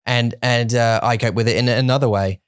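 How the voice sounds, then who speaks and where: A man's voice: mid-range voice, fairly even intonation, a little fast, clean tone, no room sound, studio quality. A man co-hosting a podcast in casual chat, rambling with many restarts and joking, dropping Mandarin phrases into his English. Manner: joking, self-deprecating. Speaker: podcast co-host.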